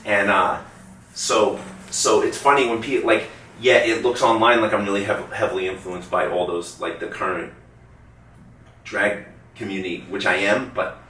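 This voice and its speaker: Male interview guest with a low voice, loose rambling storyteller who swears casually; roomy echo, faint background noise. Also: fairly even intonation, moderate pace, a bit bright, far from the mic.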